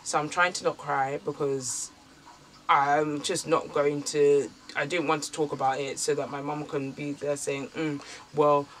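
A woman's voice: deep voice, little pitch movement, measured pace, a little hiss or hum. A young woman casually telling a personal story for her vlog, candid and chatty with lots of filler words. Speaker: vlogger.

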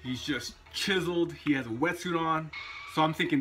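A man's voice: a little high, a little fast, music in the background. A man vlogging, telling a personal anecdote in a chatty, casual way. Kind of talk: casual storytelling vlog.

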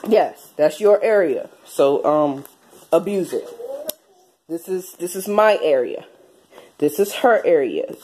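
A woman's voice: sits low, dark tone. A pregnant young woman vlogging at home in her bedroom, playfully teasing her toddler and slipping into sing-song baby talk. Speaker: vlogger and mother. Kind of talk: casual home vlog. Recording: noisy home recording.

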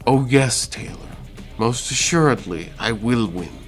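A man voicing a sly young vampire villain who is the hero's uncle, talking in a silky, calm, gloating way. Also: medium pitch, unhurried, soft background music, voice pushed up, natural voice.

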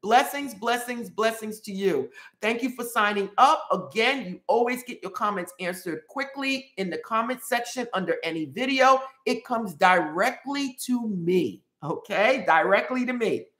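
A woman's voice: mid-range voice, lively intonation, moderate pace, hardly any pauses, a bit bright. A woman hosting a casual live stream, reading viewer comments aloud and repeating greetings in a chatty way. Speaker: livestream host. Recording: roomy echoey room.

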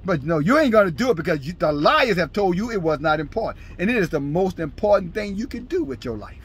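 Male preacher, fiery scolding sermon, raised husky voice. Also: high-pitched, very animated, fast. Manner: scolding, preaching in bursts, shouting scripture. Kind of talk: fiery street-style sermon.

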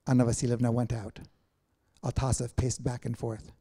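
A man reading a nineteenth-century novel aloud in measured literary narration. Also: mid-range voice, flat delivery, warm tone, slightly rough. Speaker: reader of a translated novel.

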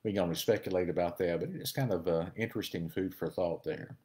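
A man with a deep, low voice teaches through a Bible passage in a relaxed, conversational sermon style. He pauses often and thinks aloud as he explains the verses.

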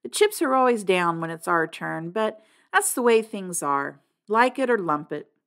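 A woman voicing a tough, good-natured teenage boy in an audiobook reading, loud and forceful. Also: medium pitch, expressive, moderate pace.

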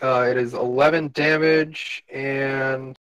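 A man playing a tabletop game, talking slowly and hesitantly, thinking aloud with many fillers. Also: mid-range voice, steady tone, fairly bright tone, clean tone, dry recording, rough recording. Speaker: player.

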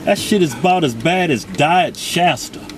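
A man's voice: a little high, animated, normal speed. A middle-aged man co-hosting, bantering profanely and boisterously in a car at a drive-thru. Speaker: co-host. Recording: car engine noise.

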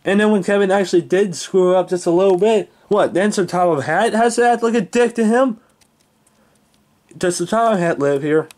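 A man's voice: high voice, normal speed, darkish tone. A man giving a heated, swearing rant as a video reviewer, often restarting his sentences. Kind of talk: angry ranting review.

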